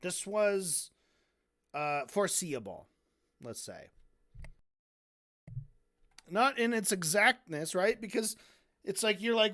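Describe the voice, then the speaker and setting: This streamer's voice sits at an ordinary middle pitch, and the delivery is loose and off the cuff. The host is sarcastic, swears a lot and keeps slipping into mocking impressions of the people being discussed. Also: big pitch swings, takes it slowly, pauses often, fairly bright tone. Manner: sarcastic and heavily profane; mocks people by acting out their lines. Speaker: streamer analyzing debates. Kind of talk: casual stream commentary.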